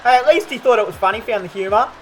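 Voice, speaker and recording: Australian man with loud short asides. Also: high-pitched, racing, faint music behind, a faint crowd, poor audio. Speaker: reaction video host. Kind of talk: casual commentary.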